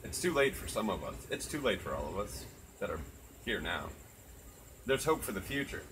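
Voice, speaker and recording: Earnest low-voiced man, crickets behind. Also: very animated, normal speed, slight background noise, poor audio. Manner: earnest, reflective, swears freely. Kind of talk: casual chat. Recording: crickets chirping loudly behind.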